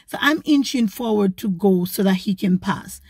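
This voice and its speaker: Woman, animated storytelling, dry close sound. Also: medium pitch, normal speed, husky, dry recording. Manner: animated, indignant retelling. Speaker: vlogger. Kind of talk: storytelling to camera.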